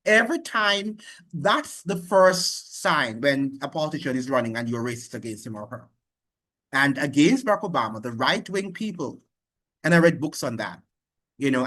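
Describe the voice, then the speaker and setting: A man's voice: fairly high pitch, fairly bright tone. A man giving political commentary in a lecturing way, often checking in with "okay?". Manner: lecturing, repeats "okay?" and "you know that". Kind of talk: opinion commentary.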